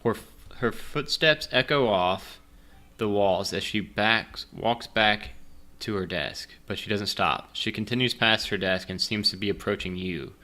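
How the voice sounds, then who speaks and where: A man's voice: on the low side, unhurried, sharp tone. A man running and reading a solo tabletop gamebook, rambling and self-deprecating with many fillers, while drinking. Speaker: game master playing a solo gamebook. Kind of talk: casual chat and reading game narration.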